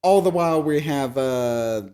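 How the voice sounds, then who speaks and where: A man's voice: fairly high pitch, a little slow, mellow, clear, resonant tone. Male co-host, sarcastic and chuckling, casual movie review banter. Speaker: podcast co-host.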